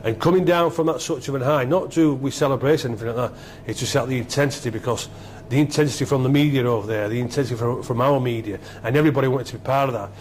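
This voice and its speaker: A middle-aged man, a former rugby captain being interviewed, telling stories excitedly and repeating himself. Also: mid-range voice, fast talker, hardly any pauses, slight background noise. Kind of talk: animated storytelling interview.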